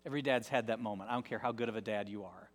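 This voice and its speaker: A male pastor giving a sermon in an emphatic, repetitive style, dropping into soft tones for effect. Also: fairly low pitch, rapid-fire. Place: large church. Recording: long reverb of a large church.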